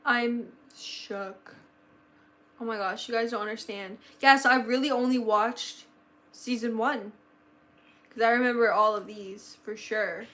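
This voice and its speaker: A teenage girl chatting casually on a live stream, excitable and nostalgic, gasping often and saying "like" a lot. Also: a little high, a little slow. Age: teen, about to turn sixteen. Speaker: livestreamer.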